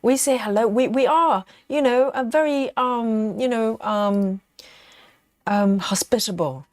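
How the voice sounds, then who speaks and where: A woman hosting a relaxed live stream from home, chatting with viewers and reading their comments aloud, with plenty of ums and you-knows. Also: on the high side, measured pace, dry recording, clean studio sound. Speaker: livestream host. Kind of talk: casual live chat while stitching.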